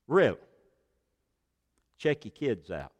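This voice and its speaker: A man preaching a sermon as pastor, swinging between loud exhortation and hushed asides with many rhetorical questions. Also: mid-range voice, big pitch swings, slow pace. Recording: long hall reverb of a large sanctuary.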